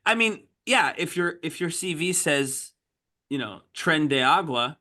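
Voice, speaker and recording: A man's voice: fairly high pitch, animated, unhurried, bright, forceful tone. A man hosting a podcast who gives his opinions in casual chat. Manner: opinionated, chatty. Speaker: podcast host.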